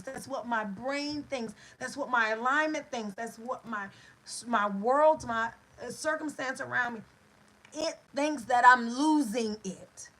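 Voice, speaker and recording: A woman giving a motivational talk with a bright, forceful edge to her voice. She takes her time, stacking short phrases one after another. Her voice sits a little high for a woman. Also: rough recording. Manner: emphatic and repetitive, building phrases in lists. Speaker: host of an inspirational show; birth coach for expectant mothers.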